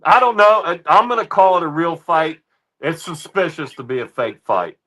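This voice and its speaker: A man hosting a livestream, ranting heatedly at his chat with constant swearing and repeated "ladies and gentlemen.". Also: on the high side, animated, moderate pace. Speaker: livestream host reacting to chat. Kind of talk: profane livestream rant.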